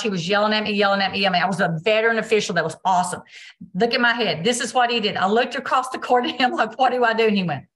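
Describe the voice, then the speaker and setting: A woman, a basketball official, answering interview questions on a video call and acting out what she says on court. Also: medium pitch. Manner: animated storytelling, acts out quotes.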